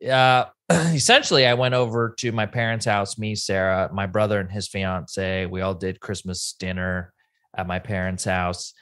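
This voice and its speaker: A man's voice: low-pitched, little pitch movement, moderate pace, fairly bright tone. A man co-hosting a podcast, retelling a story casually and quoting each person's lines as he goes. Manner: conversational, quotes people in a play-by-play retelling. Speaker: podcast co-host.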